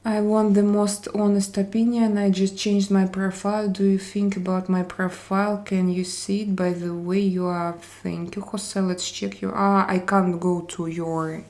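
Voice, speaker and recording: A woman's voice: mid-range voice, little pitch movement, a little mellow. A woman from Russia, hosting a casual live-stream chat and greeting viewers by name while switching between English, Spanish and French. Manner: unhurried, drawn-out phrasing.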